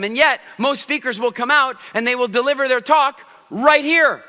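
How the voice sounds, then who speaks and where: Animated male speaker in a big hall. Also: normal speed, few pauses, slight background noise. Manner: animated, demonstrates voices by shifting pitch and loudness. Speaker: public speaking coach. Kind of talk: stage talk to a live audience. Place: large hall with audience.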